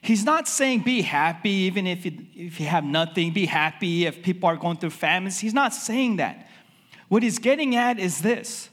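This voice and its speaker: A man's voice: sits high, expressive, moderate pace, a bit bright, in a large hall. A man preaching a sermon as a pastor, talking in a loose, conversational way with lots of filler words.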